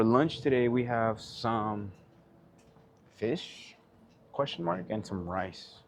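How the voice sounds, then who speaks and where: A man's voice: fairly low pitch, slow, long pauses, a little hiss or hum. A man who drives trucks, chatting casually for his vlog in a laid-back, slangy, rambling way while out at a truck yard.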